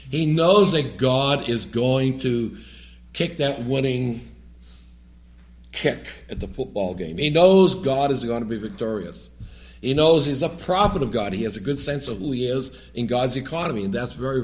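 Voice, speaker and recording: A lay preacher with a New England accent reads scripture aloud, then teaches in a plain, chatty way. His voice sits at an average pitch for a man. He drifts into joking asides as he speaks from the pulpit of a church. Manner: conversational and rambling, with joking asides. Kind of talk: sermon with scripture reading.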